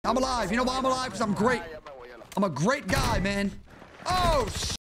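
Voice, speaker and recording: A man's voice: very high-pitched, a little fast, over a noisy crowd. A young man streaming a shooter game, trash-talking opponents in brash, profane live commentary. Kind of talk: casual live-stream commentary while gaming. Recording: game noise under voice.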